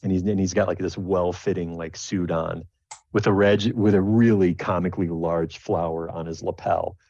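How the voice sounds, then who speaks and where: A man's voice: low-pitched, steady tone, moderate pace, creaky, warm tone, no echo, muffled recording. A man narrating as game master of a tabletop game, rambling and repeating words as he goes.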